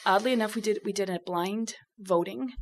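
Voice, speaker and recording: A woman guest on a radio talk show, telling stories in a lively, chatty way. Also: medium pitch, brisk, slight background noise. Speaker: guest, bourbon expert. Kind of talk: casual radio chat.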